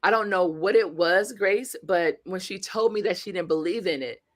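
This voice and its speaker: A woman guest speaker and coach telling stories in an interview, animated, acting out the quotes and speaking straight to the audience. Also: fairly low pitch, moderate pace, no echo. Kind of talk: storytelling interview.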